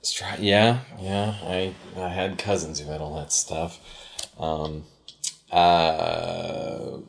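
A woman's voice: very deep voice, lively intonation, very slow, creaky. A woman interviewing a guest, murmuring agreement and asking questions with hesitant fillers. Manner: soft backchanneling, hesitant questions. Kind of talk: casual interview.

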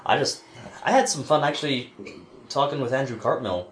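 A man's voice: mid-range voice, brisk, echoey room, over a noisy crowd. A man on a podcast, recalling friendly meetings at a convention in a laid-back way. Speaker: podcast co-host. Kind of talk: casual convention recap chat.

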